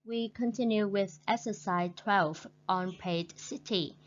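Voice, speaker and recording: A woman with a Vietnamese accent teaching English vocabulary, speaking slowly and carefully and repeating each word twice. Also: mid-range voice. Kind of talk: recorded online lesson. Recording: dull lo-fi sound with faint hum.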